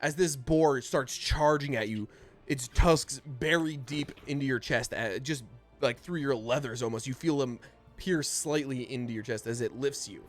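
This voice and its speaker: A man running a tabletop game as game master, narrating combat and explaining rules in a casual, halting way full of restarts. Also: mid-range voice, soft background music.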